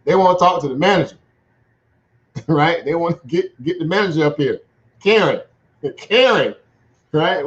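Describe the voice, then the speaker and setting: A man's voice: a little high, animated, measured pace, long pauses. A man giving casual livestream commentary on the markets in a chatty way, laughing often and checking in with "right?". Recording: dull lo-fi sound.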